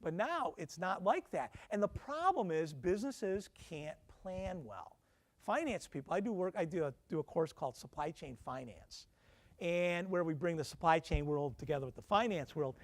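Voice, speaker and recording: A middle-aged professor lecturing alumni in a slightly high voice. He keeps it conversational, tossing questions at the audience and slipping in self-deprecating asides.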